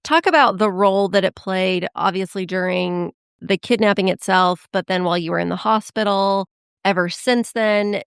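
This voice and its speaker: Woman podcast host, smooth clear voice, brisk questions, dry close mic. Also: medium pitch, no room sound. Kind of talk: interview questions.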